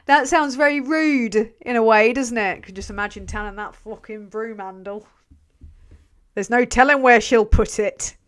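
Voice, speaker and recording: A woman's voice: fairly high pitch, normal speed, fairly bright tone. A young English woman hosting a casual livestream, reading out chat messages, swearing freely and laughing often as she rambles. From England. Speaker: channel host reading live chat.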